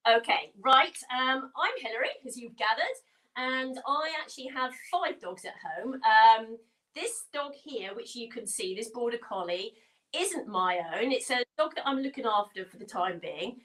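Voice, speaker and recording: A woman's voice: fairly high pitch, lively intonation, moderate pace, a bit bright, low-quality recording. A British woman, a guest who keeps dogs, explaining plainly and a little hesitantly to schoolchildren. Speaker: guest dog keeper.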